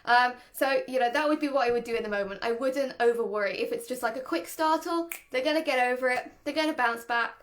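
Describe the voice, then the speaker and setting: Woman, dog trainer, animated, chatty casual lesson, high voice. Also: quick pace, hardly any pauses, slight background noise. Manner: chatty, laughs often, animated. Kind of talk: casual instructional talk.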